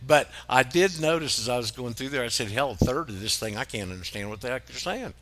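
A man's voice: medium pitch, lively intonation, quick pace, bright, forceful tone. An American man hosting a radio talk show, folksy and casual, laughing often and swearing mildly. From United States. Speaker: radio host.

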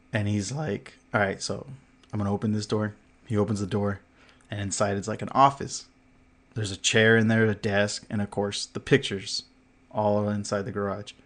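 A man on a podcast spins a long anecdote in loose, casual chat. His voice sits a bit low, and he leans on fillers, swears freely and laughs often. He acts out the lines of the people in the story. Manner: filler-heavy, acts out what others said. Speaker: podcast co-host.

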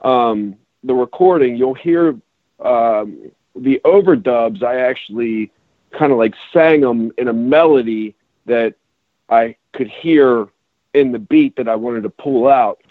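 A man chats about songwriting in a loose, rambling way, stopping and restarting his sentences. He sounds thin and tinny, as if on a phone line, with a dry, close sound. His pitch sits in a middle range. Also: measured pace, no echo. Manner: rambling, restarts often, explaining. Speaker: rapper and songwriter guest. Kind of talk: casual podcast conversation.

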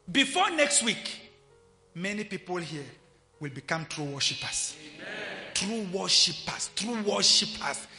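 A man preaching a sermon, swinging from quiet, intimate asides to loud shouting. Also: high-pitched, creaky. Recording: long hall reverb, faint music behind.

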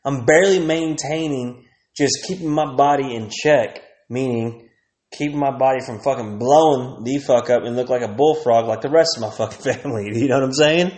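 A man's voice: mid-range voice, normal speed, darkish tone, roomy sound. A man, ranting crudely and rambling as a podcast host, laughing often. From Texas. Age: 30s. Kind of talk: profane comedic rant.

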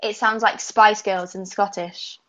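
A woman's voice: mid-range voice, steady tone, a little slow, a bit bright, muffled recording. A woman with a central English accent, co-hosting a podcast in breezy, casual chat and laughing easily. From central England. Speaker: podcast co-host.

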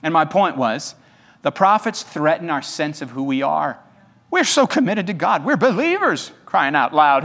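A man's voice: on the high side, big pitch swings, moderate pace, fairly bright tone. A male pastor preaching an emphatic sermon, firing rhetorical questions at his congregation. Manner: talks straight to the congregation.

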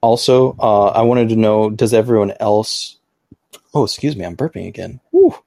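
A man's voice: fairly low pitch, animated, brisk, vocal fry, warm tone, no room sound, clean studio sound. A man hosting a casual livestream podcast, talking in a rambling, easygoing way full of fillers. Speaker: podcast host.

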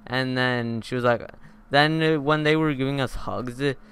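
Rambling teen guy with a smooth voice. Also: mid-range voice, fairly even intonation, normal speed, a bit bright. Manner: rambling, many fillers and restarts. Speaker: podcast host. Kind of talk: casual storytelling chat.

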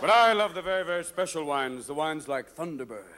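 A man performing live stand-up comedy, talking fast and darting between silly voices. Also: on the high side, lively intonation. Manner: rapid-fire, jumps between silly voices and characters. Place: theater stage before an audience. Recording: live show with loud crowd laughter and hiss.

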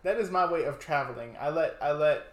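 Sassy young new guy cohosting a podcast, kinda high voice, roomy echo. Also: a little fast. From New York. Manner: sassy, playful, swears freely. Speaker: podcast co-host. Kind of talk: casual chat.

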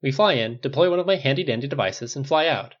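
A man voicing a quick-joking male genius inventor, talking brisk and wisecracking. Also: medium pitch, lively intonation, voice pushed up, close to an everyday voice. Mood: breezy. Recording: dull lo-fi recording.

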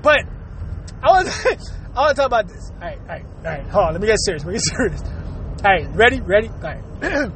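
A man's voice: sits high, very animated, a little fast, fairly bright tone, slight background noise. A man telling a crude comedic story to his viewers, laughing constantly through his words and acting out noises.

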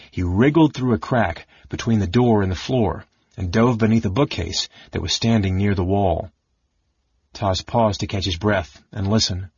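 A man narrates a fantasy novel in a steady, measured manner. His voice is low and slightly husky, recorded dry and close with a dull, lo-fi sound. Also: no room sound. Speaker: audiobook narrator. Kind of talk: scripted narration. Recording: dull lo-fi audio.

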